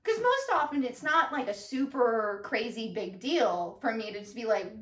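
Sing-song and on the high side, this young woman's slightly bright voice moves at normal speed as she co-hosts a podcast. Her casual, playful conversation is full of fillers, recorded with a roomy, distant sound.

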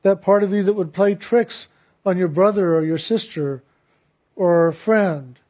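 High-voiced man giving a gentle spiritual talk. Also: a little slow. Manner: gentle, reflective, laughs while telling a story. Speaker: spiritual teacher.

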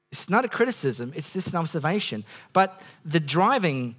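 A man's voice: high voice, big pitch swings, normal speed, hardly any pauses, sharp tone. A man with an Australian accent preaching a sermon as the pastor, rambling through comic stories with frequent asides and restarts. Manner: rambling, self-interrupting storyteller with comic asides.

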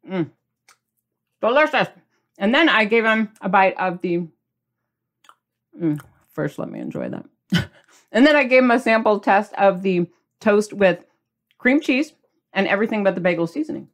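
A woman's voice: medium pitch, very animated, moderate pace, long pauses. A middle-aged woman hosts a casual home cooking video in a bubbly, chatty way. She tastes the food as she goes and sometimes talks with her mouth full. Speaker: cooking channel host.

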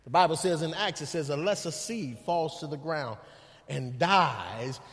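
A man preaching a sermon as guest pastor in a church, shifting between folksy asides and shouted preaching. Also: on the high side, unhurried. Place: church sanctuary. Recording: long reverb of a church hall.

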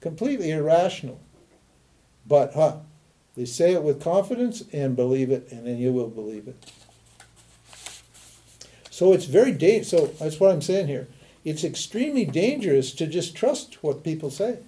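Older man teaching, very mellow tone. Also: fairly high pitch, very animated, normal speed, long pauses. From Montana, USA. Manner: emphatic, asks rhetorical "what?" questions and answers them. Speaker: spiritual teacher. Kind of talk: teaching talk to students.

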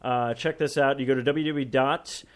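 A man's voice: mid-range voice, fairly even intonation, normal speed. A man co-hosting a casual podcast, telling rambling stories and laughing easily. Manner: rambling storyteller, laughs easily, many fillers and restarts. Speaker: podcast co-host.

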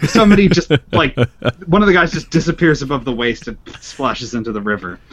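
A man's voice: medium pitch, very animated, fairly quick. A man running a tabletop game as game master, chatty and often laughing as he describes the action. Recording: dull lo-fi podcast audio.

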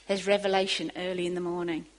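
A woman preaching a sermon, moving from quiet asides to emphatic, rising bursts. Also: fairly low pitch, little pitch movement, fast, poor audio.

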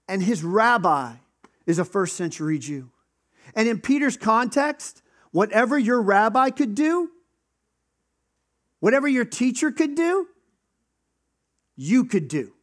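A man with a high voice preaches a sermon. His delivery is conversational, and he breaks into quick acted voices for the people in the stories he tells. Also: lively intonation. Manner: conversational, acts out quoted voices. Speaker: pastor.

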